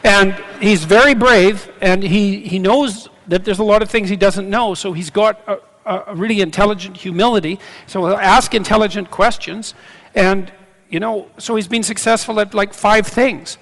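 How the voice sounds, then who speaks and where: Middle-aged Canadian male lecturer, high gravelly voice, halting live Q&A, hall reverb. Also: steady tone, a bit bright. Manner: halting, restarts often, laughs easily. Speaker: lecturer answering audience questions. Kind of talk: live on-stage Q&A.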